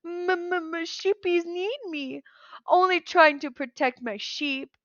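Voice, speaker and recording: A woman's voice: sits high, lively intonation, takes it slowly, vocal fry, sharp tone, no room sound, muffled recording, voice pushed up, exaggerated voice. A woman doing a whimpering cyclops giant. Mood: pitiful. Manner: whimpering, then bellowing. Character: moaning pitiful male cyclops giant.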